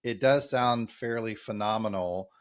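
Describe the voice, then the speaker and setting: A man's voice: fairly low pitch, unhurried. A man co-hosting a podcast, reading a scripted intro, then chatting in an upbeat, self-deprecating way with his guest. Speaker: podcast co-host.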